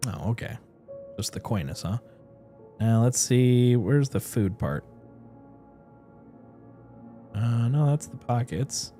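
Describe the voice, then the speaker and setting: This is a man talking his way through a video game, musing aloud and reading the notes he finds. His voice jumps around a lot in pitch, and soft game music hums in the background. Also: unhurried. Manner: animated, thinks aloud and reads game notes aloud. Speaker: streamer. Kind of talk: casual gameplay commentary.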